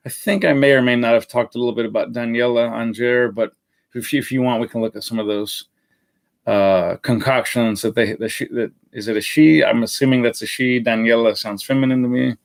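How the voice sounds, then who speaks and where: A man's voice: mid-range voice, fairly even intonation, fairly quick, vocal fry. Rambling man reviewing a fragrance live. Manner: rambling, many fillers and self-corrections.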